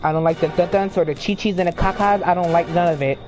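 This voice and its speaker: A man's voice: high-pitched, steady tone. A male streamer giving live gameplay commentary, sulking and complaining, then shrieking and swearing in panic. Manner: slow, sulky complaining between outbursts. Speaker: streamer playing an online game. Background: game music.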